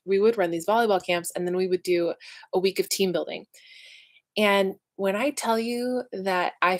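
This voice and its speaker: A woman's voice: on the low side, rough recording. A young woman hosting a casual livestream, chatty and emotional, with plenty of fillers. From Southern California. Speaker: channel host.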